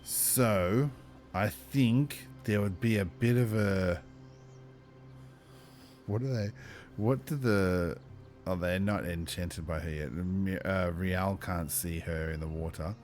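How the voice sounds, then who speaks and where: A man running a tabletop game as game master, chatty and thinking aloud, with lively exclamations. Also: low-pitched, slow, soft background music.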